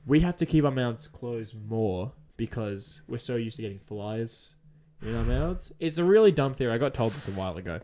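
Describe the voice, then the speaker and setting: A man's voice: mid-range voice, animated, moderate pace, mellow. A young man from South Australia with a South Australian accent, co-hosting a podcast and rambling through jokey theories in casual chat. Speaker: podcast co-host.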